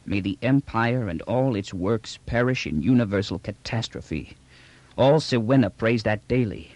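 A man narrating a story, voicing a proud, gruff old patriarch who speaks curtly and gravely. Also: lively intonation, normal speed, a little mellow, no echo. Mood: bitter. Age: older. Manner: curt and grave, bursting into deep anger.

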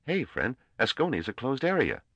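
A man voicing a young, brash male space trader who answers with breezy, quick retorts. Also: medium pitch, big pitch swings, a bit bright, slightly rough, dry recording, voice pushed up.

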